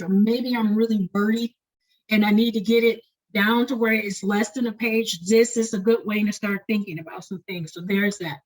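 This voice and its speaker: A woman with a slightly high voice runs a doctoral writing webinar. She talks quickly, like an auctioneer, and keeps asking "right?" to check that her listeners follow. She sounds like she is speaking into a computer mic on a video call. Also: poor audio. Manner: fast-talking, checks in with "right?". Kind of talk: webinar lecture.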